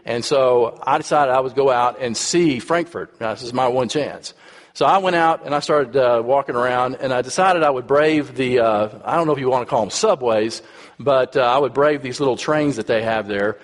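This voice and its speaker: A man's voice: medium pitch, normal speed. A man in his fifties with a Texas accent, preaching a sermon in a conversational, storytelling way with frequent asides to the congregation. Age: 50s. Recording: long hall reverb.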